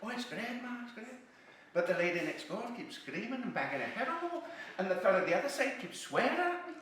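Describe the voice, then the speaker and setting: A man's voice: sits high, big pitch swings, quick pace, a bit bright, very echoey, far from the mic, slight background noise, voice pushed up. A man voicing a cheerful young Scotsman who answers his mother breezily. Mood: breezy.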